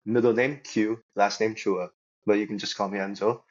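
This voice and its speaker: A man's voice: fairly low pitch, steady tone, moderate pace, darkish tone, muffled recording. A young man speaking as a guest on a church podcast, easygoing and chatty, laughing often as he talks. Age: young adult. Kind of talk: casual podcast chat.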